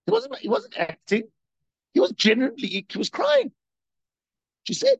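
Male teacher, fervent questioning delivery, swooping high voice, dry muffled recording. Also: normal speed, gravelly, dry recording. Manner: animated, rhetorical questions, repeats himself. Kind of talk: spoken Torah lecture.

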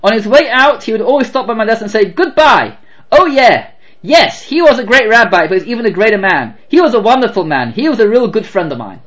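A man's voice: high-pitched, big pitch swings, brisk, a bit bright, voice pushed up. A man putting on a drawling elderly Southern operator woman. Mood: fond. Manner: drawling, eager, repeats words.

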